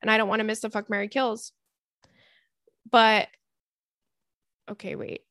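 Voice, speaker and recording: A woman's voice: a little high, level tone, unhurried, fairly bright tone, dry recording, studio quality. A young woman hosting a podcast, chatting candidly about listener stories, swearing freely and laughing often. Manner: reads listener emails aloud. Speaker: podcast host. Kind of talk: casual chat.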